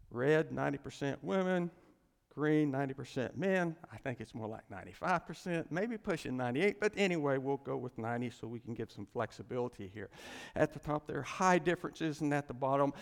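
A man's voice: on the high side, vocal fry, in a large hall. A man teaching a class in an informal, rambling way, with chuckles and folksy asides, like a pastor.

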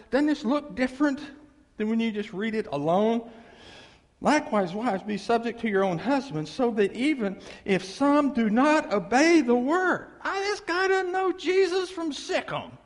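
A man preaching a sermon in a folksy, animated way, acting out noises. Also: high-pitched, in a large hall. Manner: folksy, animated, imitates motor sounds. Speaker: pastor.

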